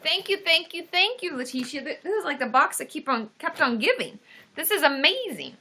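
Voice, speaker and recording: Woman gushing on a live stream, higher voice, really bright, gasps at everything. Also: a little fast. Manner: gushing, excitable, lots of gasps and exclamations. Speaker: therapist hosting a livestream. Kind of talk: casual live-stream chat.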